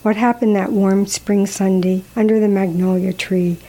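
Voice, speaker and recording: Woman narrator, story reading, calm, measured, mellow warm tone. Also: medium pitch, rough recording.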